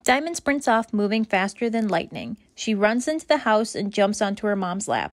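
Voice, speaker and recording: A woman reading aloud children's stories in a bright, expressive, rhythmic way. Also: mid-range voice, normal speed, no echo, studio quality. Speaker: children's story reader. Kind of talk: read-aloud storytelling.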